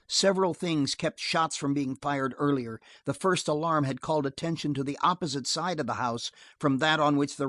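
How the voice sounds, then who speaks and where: A man reading a western novel aloud as an audiobook narrator, steady and measured. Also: medium pitch, dry recording.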